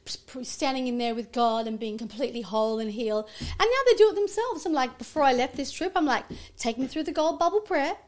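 A middle-aged woman, a naturopath and guest on an interview show, telling stories in an animated way and acting out her family's voices. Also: on the high side, fast talker, hardly any pauses. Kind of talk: casual interview chat.

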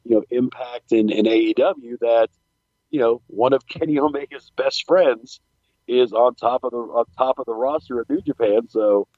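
A man's voice: medium pitch, normal speed, dry recording. A man co-hosting a wrestling podcast, speaking in a casual, sarcastic way and acting out imagined back-and-forth dialogue. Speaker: podcast co-host. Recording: dull, dry lo-fi mic.

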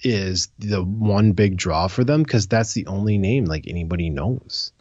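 A man's voice: low voice, unhurried, dry recording, dull audio. A man co-hosting a casual podcast, joking and ranting about sports. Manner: animated, jokey rants. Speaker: podcast co-host. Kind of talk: casual chat.

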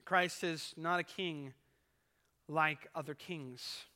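A male pastor preaching a sermon at a live church service, building to loud emphasis and reading a poem with dramatic force. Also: fairly high pitch, steady tone, slow pace. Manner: preaches with rising emphasis, reads poetry dramatically. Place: church sanctuary. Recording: live church service with long hall reverb.

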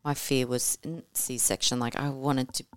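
A woman with a low voice tells her birth story in a casual, animated way. She swears easily and acts out her own past words. The sound is dry and close. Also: unhurried, clean tone, no room sound. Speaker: podcast guest telling her birth story.

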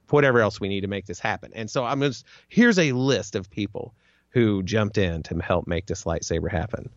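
Podcast co-host, man, loose and chatty, slightly low voice, dry close sound. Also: no echo, highs cut off. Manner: relaxed, rambling storytelling with fillers. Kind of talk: casual chat.

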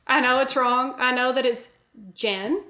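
Podcast co-host, woman from the US, giggly and self-deprecating, slightly high voice, roomy echo. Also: monotone, slow, pushed and bright. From United States. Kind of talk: casual chat.

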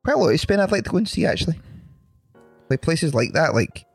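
A man's voice: on the high side, very animated, quick pace, vocal fry, husky, no echo, soft background music. A man with a Scottish accent, co-hosting a podcast in casual, joking banter and swearing freely. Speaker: podcast co-host, band member. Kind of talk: casual chat.

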